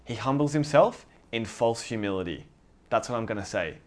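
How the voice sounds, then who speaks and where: A man's voice: medium pitch, moderate pace. A man preaching a sermon in a casual, conversational way, often acting out dialogue. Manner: conversational, animated, acts out dialogue.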